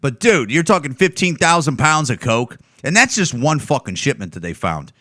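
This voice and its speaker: A man's voice: medium pitch, sing-song, normal speed, bright, forceful tone, no room sound. Foul-mouthed guy ranting on his podcast, voice jumping all over, dead dry sound. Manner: profane, heated, lots of swearing. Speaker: podcast host; comedian. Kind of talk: crude ranting commentary on clips.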